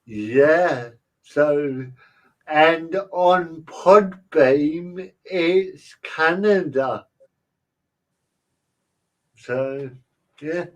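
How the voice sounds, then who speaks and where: A man hosts a podcast chat, speaking very slowly and haltingly, with lots of fillers. His voice is fairly high and sounds distant from the mic. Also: fairly bright tone. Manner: slow, halting, many fillers. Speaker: podcast host. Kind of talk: casual podcast interview.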